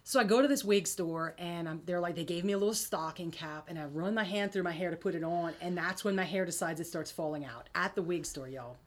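A woman telling her story as an interview guest, chatty and animated. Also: brisk, hardly any pauses. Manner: chatty, animated, rises high when quoting others. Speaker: singer and guest.

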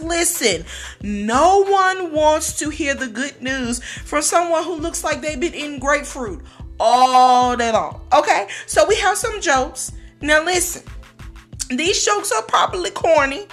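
A woman hosting a faith-based podcast with an animated, teasing manner, often laughing at her own jokes. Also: sits high, measured pace, faint music behind. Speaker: podcast host. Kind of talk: upbeat podcast talk.

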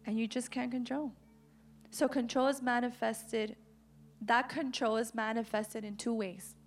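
Animated woman preaching to youth. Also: fairly high pitch, a little slow, soft background music. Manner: animated, acts out quotes, rising to emphatic declarations. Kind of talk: sermon.

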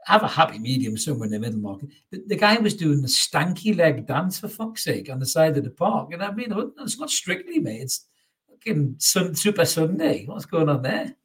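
A man's voice: a little high, very animated, a little fast. A man over 38, hosting a casual football chat with blunt, sweary banter. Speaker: podcast host.

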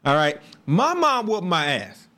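A man's voice: fairly high pitch, measured pace. A man, telling stories casually on a livestream with laughs and asides. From Chicago. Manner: animated storytelling with laughs and asides. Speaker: livestream host.

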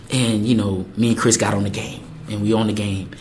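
Young man, low voice, casual storyteller who acts out what others said; faint room hum behind. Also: moderate pace, hardly any pauses. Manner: animated, acts out quotes with voices. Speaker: host telling a personal story.

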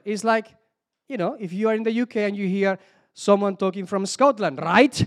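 High-voiced Spanish-accented male preacher. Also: moderate pace. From Spain. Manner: searches for English words, repeats words, asks the audience for help. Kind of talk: sermon.

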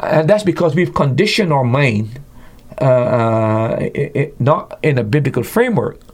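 A man's voice: mid-range voice, animated, measured pace, darkish tone. A man explaining church doctrine as an interview guest, emphatic, often restarting and repeating words, with his voice jumping up when he scorns excesses. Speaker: guest Bible teacher. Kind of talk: conversational interview teaching.

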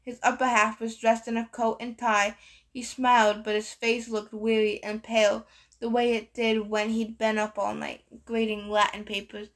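A woman reading a novel aloud in a steady first-person storytelling voice. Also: on the high side, moderate pace. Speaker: narrator. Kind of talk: audiobook reading.

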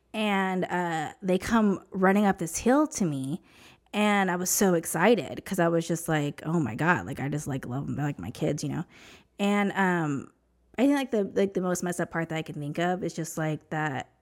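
A woman's voice: fairly low pitch, darkish tone. A woman from New Mexico, a podcast guest, telling a personal story in casual, emotional, rambling talk full of fillers.

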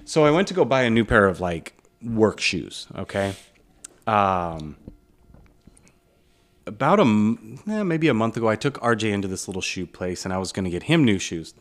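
A man's voice: lowish voice, big pitch swings, moderate pace. A man co-hosting a casual podcast, telling a long rambling anecdote and quoting people as he goes. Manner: rambling anecdotal storyteller, mimics others in quotes. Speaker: podcast co-host. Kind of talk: casual storytelling chat.

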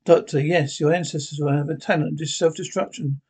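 A man with a husky voice reading the lines of an eccentric male time traveller, naming the character before each line. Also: a little high, fairly even intonation, fairly quick, a little mellow. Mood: brisk.

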